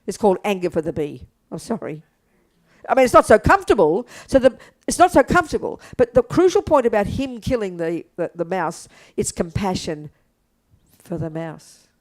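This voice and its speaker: An older woman giving a blunt, animated Buddhist teaching to an audience. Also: mid-range voice, moderate pace. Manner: animated, blunt, acts out quotes, laughs.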